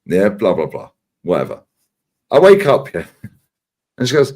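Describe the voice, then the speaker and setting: An unhurried man in his 40s with a fairly low pitch pauses often as he chats casually on a fan livestream he regularly guests on. His storytelling is animated and full of swearing, and he acts out what others said.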